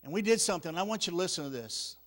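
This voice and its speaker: A man preaching at a church revival, telling a story with emotion, often repeating words and dropping very quiet at the sad parts. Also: high voice, animated, very fast. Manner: emotional, repeats words, drops to near-whisper at sad moments. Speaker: evangelist. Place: church sanctuary.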